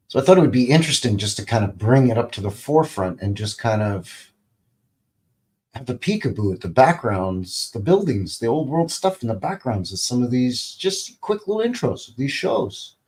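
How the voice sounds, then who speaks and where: A man's voice: mid-range voice, darkish tone. Fifty-something man in rambling, joking commentary. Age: 50s. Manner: rambling, joking asides, many fillers. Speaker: channel host. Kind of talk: casual livestream commentary over TV clips.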